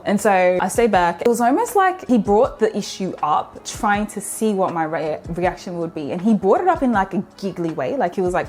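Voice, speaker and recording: A woman's voice: on the low side, a little fast, hardly any pauses. Candid chatty woman. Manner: candid and animated, laughs while telling stories. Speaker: vlogger. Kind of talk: casual storytelling to camera.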